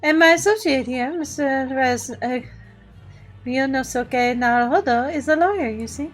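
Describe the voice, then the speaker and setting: A woman's voice: high-pitched, normal speed, soft background music, voice pushed down, lightly acted. A woman voicing a polite, formal young female assistant.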